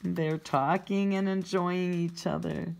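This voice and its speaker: A preschool teacher, a woman, reading a picture book aloud to young children, gently asking them questions and explaining words. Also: fairly low pitch, fairly even intonation, slow pace, gravelly.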